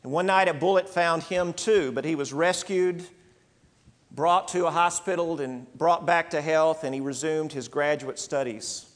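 A man preaching a sermon, earnest and emphatic, in short phrases with pauses. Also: fairly high pitch, in a large hall.

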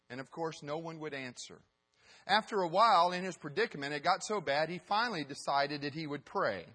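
Male pastor, sermon, emphatic storytelling, a bit high-pitched, occasional fillers. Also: a little fast, sharp tone, slightly rough.

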